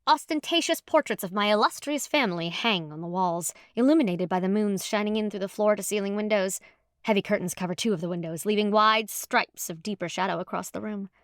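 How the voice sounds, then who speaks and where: Woman audiobook narrator, expressive, first-person, mid-pitched, dry studio. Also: brisk, no room sound. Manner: lively, expressive storytelling. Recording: dry close studio sound.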